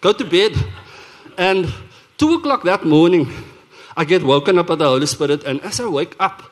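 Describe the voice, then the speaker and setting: A man with a South African accent, a worship leader telling his testimony in a church sermon, earnest and animated, often restarting his sentences. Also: fairly high pitch, normal speed. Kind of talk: sermon testimony told as a story. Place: church service.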